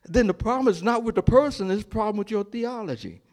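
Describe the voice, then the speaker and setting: A male pastor with a high-pitched voice preaches a sermon at a quick pace. He animatedly throws call-and-response questions to the congregation and acts out the prophet and God in dramatic voices.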